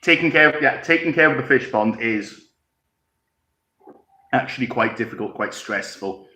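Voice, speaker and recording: A man's voice: mid-range voice, animated, sharp tone. Chatty Welsh man in an echoey room. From Wales. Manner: rambling, chuckling, pauses to sip tea. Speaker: live-stream host. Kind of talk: casual live chat reading comments. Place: his home.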